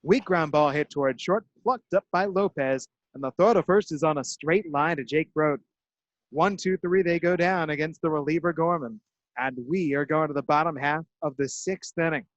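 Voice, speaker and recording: A man doing baseball play-by-play with crisp, measured delivery and dramatic emphasis on outs. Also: a little high, no room sound, lo-fi sound. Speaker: play-by-play broadcaster. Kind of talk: radio-style baseball play-by-play.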